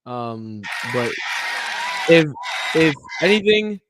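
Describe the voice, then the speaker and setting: In a very noisy recording, a podcast co-host with a fairly high voice talks slowly about sports. He's casual and animated, cracking jokes and hesitating with lots of fillers.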